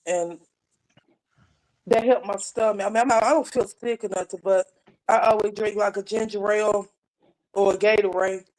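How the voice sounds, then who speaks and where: A woman's voice: medium pitch, fairly even intonation, normal speed, pauses often, a little mellow, poor audio. A woman from North Carolina, chatting casually on a live panel, rambling with repeated restarts and frequent laughter. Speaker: live panel chat guest. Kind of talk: casual chat.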